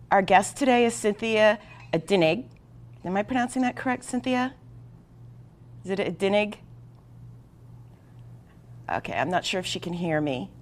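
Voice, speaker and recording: A woman hosting a talk show, reading a guest introduction in an earnest, emphatic way with small stumbles over words. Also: mid-range voice.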